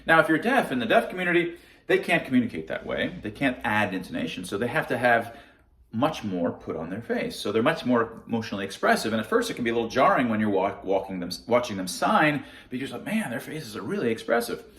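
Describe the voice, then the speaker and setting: A man's voice: medium pitch, very animated, fast talker, a bit bright, roomy sound. A man giving a casual science explainer monologue to camera, conversational and often restarting his words. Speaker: science vlogger.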